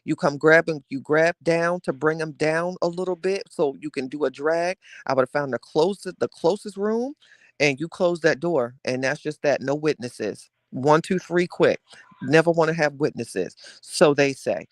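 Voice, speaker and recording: Speaking directly to his listeners while reading the live chat, a man runs a laid-back gossip podcast full of sassy, dramatic, long-winded storytelling. His voice sits on the high side, with no room sound.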